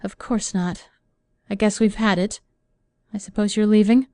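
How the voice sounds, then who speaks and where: A woman's voice: medium pitch, moderate pace, no room sound, natural voice. A woman reading a tired, self-reproaching young woman. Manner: tired, flat.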